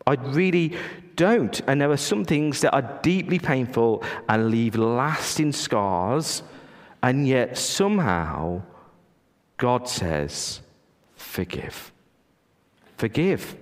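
A man's voice: mid-range voice, expressive, takes it slowly, long reverb tail. A man preaching a sermon as a pastor, earnest and conversational, with many asides and restarts.

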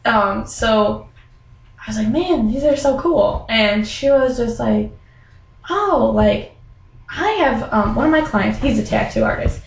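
A woman's voice: a little high, measured pace, vocal fry, reverberant, poor audio. A young woman chatting casually, telling a story with lots of fillers and acting out the voices of the people in it. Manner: animated storytelling, acts out quoted voices; many fillers like "like" and "um". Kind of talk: casual chat.

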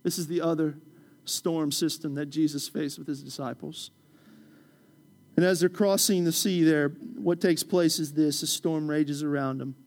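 A man pastor preaching a passionate sermon in a church, swinging from loud urgent calls to quiet prayer. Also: on the high side, steady tone, moderate pace. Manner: impassioned preaching, rising loud then dropping soft.

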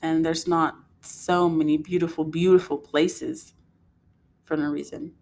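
A young woman with a lowish voice tells a rambling, chatty story about a beach day with her son. She talks casually and drifts off into asides. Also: level tone, a little slow, a little mellow. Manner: chatty, laughing asides, quoting herself scolding her son. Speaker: podcast host.

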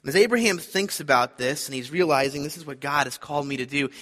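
A man's voice: a little high, fairly quick, few pauses, fairly bright tone, big-room sound. A man preaching a sermon, earnest and emphatic, repeating his key points. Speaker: pastor.

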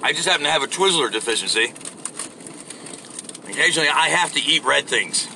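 Guy ranting on his podcast outside, super bright voice, cussing nonstop, bit of traffic noise. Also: fairly high pitch, expressive, brisk, creaky. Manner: crude, sarcastic, swears constantly. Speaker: podcast host. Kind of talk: profane off-the-cuff rant.

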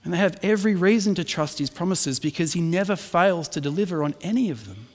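Middle-aged preacher in a hall. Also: male voice, high voice, animated, fast talker. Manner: chatty, self-deprecating storytelling that turns earnest. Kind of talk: sermon with personal anecdote. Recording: long reverb in a hall.

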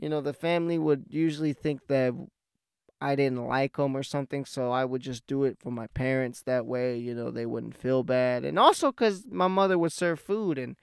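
A young man telling a rambling, profane story about his life in a casual, animated way. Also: mid-range voice, moderate pace, creaky, smooth, dry recording, clean studio sound. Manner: profane, rambling, animated when he gets heated.

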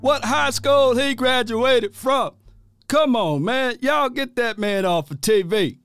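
A male sports talk host on a livestream, animated and exasperated, drawling informally, repeating phrases and laughing often as he reads viewer chats. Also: very high voice, takes it slowly, clean tone.

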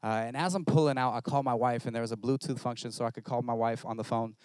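A male pastor preaching a sermon, telling a story in an animated, self-mocking way. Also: medium pitch, fast, no echo.

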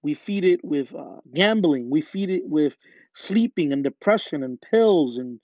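Fervent high-voiced preacher, dull dry recording. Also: male voice, expressive, unhurried, darkish tone, dry recording. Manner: fervent, asks listeners rhetorical questions. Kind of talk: podcast sermon.

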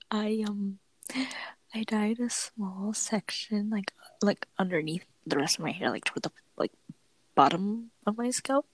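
A woman's voice: medium pitch, unhurried, no echo, low-quality recording. A young woman co-hosting a podcast in casual chat, rambling with lots of fillers and giggles. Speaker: podcast co-host.

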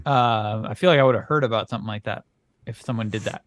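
A man's voice: lowish voice, fast talker, no room sound. A man co-hosting a comedy podcast, playing a dry, wry straight man who goes along with his partner's jokes. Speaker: podcast co-host. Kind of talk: comedy chat.

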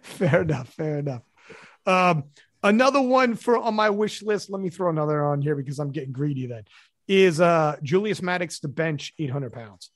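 A man hosting a podcast in casual chat, telling stories in a profane, animated way. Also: fairly high pitch, normal speed, no room sound, clean studio sound. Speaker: podcast host.

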